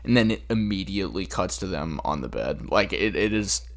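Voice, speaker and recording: A man with a low, gravelly voice co-hosts a casual podcast, jet-lagged and rambling. His pitch swoops widely as he retells movie scenes with amused restarts and quoted lines. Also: expressive, brisk. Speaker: podcast co-host. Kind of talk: casual podcast chat about a bad movie.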